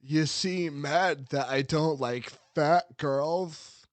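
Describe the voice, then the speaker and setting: A man putting on the voice of a sweaty, sleazy young man in online chats, slow and leering. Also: fairly high pitch, no room sound, voice pushed up.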